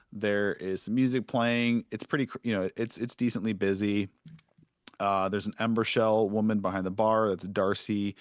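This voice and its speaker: A man's voice: fairly low pitch, clean tone, dry recording, studio quality. A man narrating a tabletop game as game master, casual and full of fillers and restarts.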